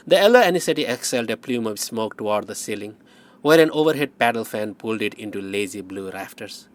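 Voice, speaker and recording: A man narrating an audiobook in first person, wry and measured. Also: lowish voice, expressive.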